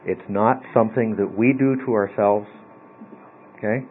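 A man's voice: on the low side, steady tone, moderate pace. A man teaching a Bible study class, explaining word meanings patiently and often checking in with his listeners. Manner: explanatory, often asks okay. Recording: tinny phone-like audio, faint mains hum.

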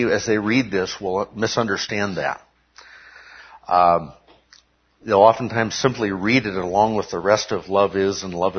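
A man's voice: fairly low pitch, breathy edge. A man preaching a sermon to his congregation, teaching step by step and often checking in with "okay?". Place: church service. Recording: dull lo-fi recording.

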